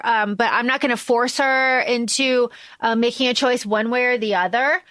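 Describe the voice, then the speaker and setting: Podcast co-host, woman; casual, animated recap, dry close mic. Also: on the high side, normal speed, no room sound. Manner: animated, swearing, acts out lines in quotes. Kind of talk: casual movie recap chat.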